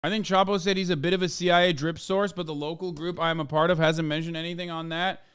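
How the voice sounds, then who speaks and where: Sarcastic, profane streamer man, smooth voice. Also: a little high, fast. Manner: profane, sarcastic, animated rant. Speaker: streamer reacting to a video. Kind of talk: casual reaction stream.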